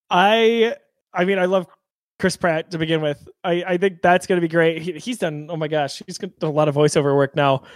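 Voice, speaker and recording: A man's voice: a little high, no echo. An enthusiastic man co-hosting a casual gaming podcast, talking upbeat about a new movie. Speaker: podcast co-host.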